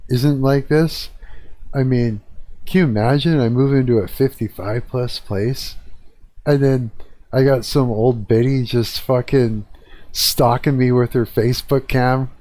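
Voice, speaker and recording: A man's voice: medium pitch, a little mellow, no room sound. A middle-aged man, ranting in a rambling, profane way on a live stream from his apartment. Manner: rambling, profane, agitated complaining. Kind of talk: casual rant. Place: own apartment.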